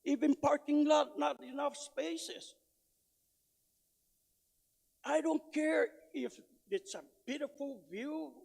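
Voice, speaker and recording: Man, loud emphatic testimony, slow delivery, echoing hearing room. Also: very high voice, gravelly, slightly rough. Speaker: public testifier at a legislative hearing. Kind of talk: public testimony.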